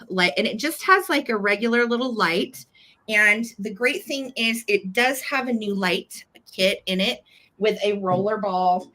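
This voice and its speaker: A woman's voice: mid-range voice, bright, forceful tone. A woman with an American accent hosting a live online auction, gushing over each piece and counting down bids. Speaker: live-sale host.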